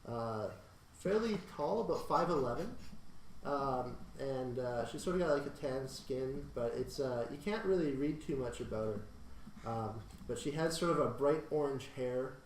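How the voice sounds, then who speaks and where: A man narrating as game master of a tabletop game, halting, with many ums and uhs. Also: mid-range voice, animated, reverberant, distant mic, a little hiss or hum, rough recording.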